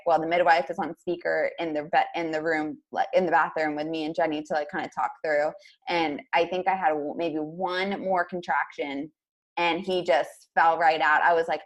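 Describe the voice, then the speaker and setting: Fast-talking young woman, lower voice. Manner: rapid, filler-heavy, peppered with "like". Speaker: podcast guest. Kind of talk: casual storytelling.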